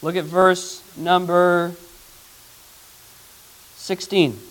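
Questioning the congregation and reading Scripture slowly, a male pastor leads a conversational Bible teaching. He has a high voice and level tone, captured on poor audio.

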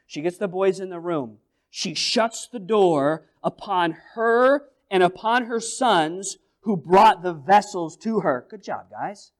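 A high-voiced male pastor preaching, with his pitch sitting well above most men's. He tells the story in an animated way, dropping almost to a murmur and then rising loud as he plays out each scene. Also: takes it slowly. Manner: animated storytelling with big swings in volume; acts out scenes and quotes with playful voices. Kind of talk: sermon.

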